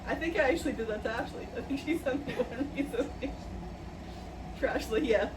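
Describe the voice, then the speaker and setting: A woman's voice: sits high, a little fast. A woman co-hosting a podcast in casual chat, laughing and swearing offhandedly. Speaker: podcast co-host. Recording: echoey room, far mic, clear noise.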